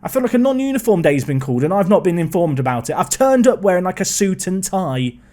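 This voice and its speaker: A man's voice: sits high, sing-song, fast, darkish tone. A man giving rambling, exasperated let's-play commentary while seated at his computer. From England. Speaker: gaming video creator.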